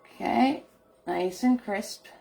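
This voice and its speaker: Middle-aged woman, unhurried and chatty; live painting host who laughs easily and greets her viewers. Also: a little high, vocal fry, mellow, faint music behind. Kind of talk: casual live painting instruction.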